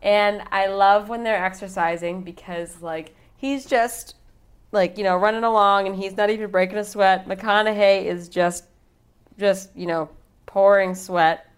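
A woman co-hosting a casual podcast, recapping a movie scene by scene and slipping into quick voices for the characters. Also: medium pitch, fairly even intonation, clear, resonant tone. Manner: chatty, retells scenes with quick put-on voices. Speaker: podcast co-host.

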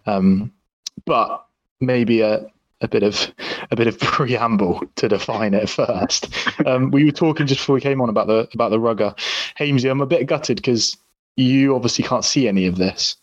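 A man's voice: mid-range voice, normal speed, dry recording. A man co-hosting a casual chat podcast, ribbing his guest with easygoing banter. His voice sits in the middle range. The studio sound is very dry and slightly muffled. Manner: jokey, teasing banter. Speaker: podcast co-host.

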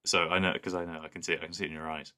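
A man with a very deep voice chats loosely on a podcast, circling back and restarting his sentences. He sounds relaxed and unhurried. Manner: easygoing, rambling with restarts. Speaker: podcast co-host. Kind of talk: casual chat.

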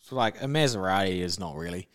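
A man's voice: low voice, expressive, quick pace. Laid-back New man explaining on a podcast. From New Zealand. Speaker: podcast co-host. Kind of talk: casual podcast chat.

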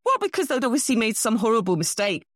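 A middle-aged English woman, a bridge champion being interviewed, telling self-deprecating stories in a casual, animated way. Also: a little high, fast, no room sound, studio quality. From England.

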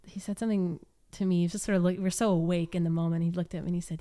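A woman guest on a podcast, telling a story in a casual, rambling way with many "likes" and "ums" and soft laughs. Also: on the low side, fairly even intonation, very fast, few pauses. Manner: rambling, heavy use of "like" and "um". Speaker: podcast guest, yoga teacher.

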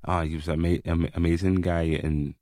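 A man, a filmmaker guest, chatting casually in an interview and getting animated as he tells stories. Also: sits low, a little fast, no echo, clean studio sound. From Kenya. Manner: animated, repeats words when excited.

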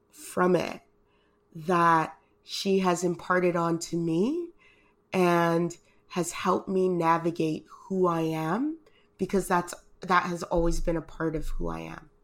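A woman co-hosting a podcast in casual chat, heartfelt and rambling, emotional and close to tears. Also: on the low side. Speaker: podcast co-host.

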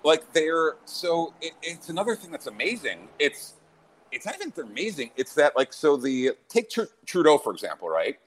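A man's voice: on the high side, very animated, normal speed. A man hosting a podcast, ranting in a brash, mocking way and laughing often in casual, profane chat. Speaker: podcast host.

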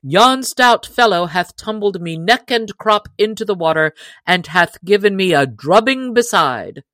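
A woman voicing a hearty, laughing outlaw man in an audiobook, speaking loud, jovial old-fashioned lines. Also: mid-range voice, expressive, unhurried, no echo.

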